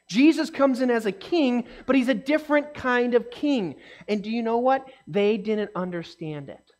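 A woman leads a Bible lesson for a young audience in a lively, animated way. She keeps checking in with questions for the group and brings the crowd's words to life as she reads them out. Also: on the high side. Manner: animated, asks the listeners questions. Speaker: children's Bible teacher.

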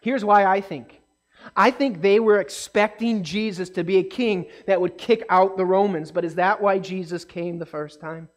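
A woman teaching a Bible lesson to a young group, animated and asking her listeners questions as she goes. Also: medium pitch, moderate pace.

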